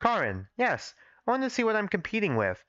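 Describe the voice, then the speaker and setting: A man's voice: high-pitched, wildly swooping pitch, brisk, fairly bright tone, no room sound, voice pushed up, heavily acted. A man voicing a bratty, smug rich girl while reading his own story aloud on a dull, lo-fi stream mic. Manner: smug, taunting.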